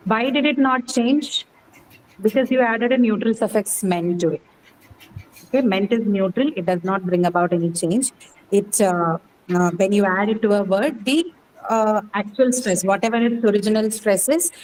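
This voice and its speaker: A woman's voice: a little high, a little mellow, a little hiss or hum, rough recording. A woman teaching a classroom lesson, asking questions and checking in with "right?" as she explains. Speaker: English teacher. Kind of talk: classroom lecture.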